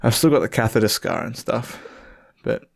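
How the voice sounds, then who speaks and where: A young man tells a story in a relaxed, casual way. His voice sits at a middling pitch, and he laughs easily as he talks. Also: normal speed, vocal fry. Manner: laid-back storytelling, laughs often. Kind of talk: casual chat.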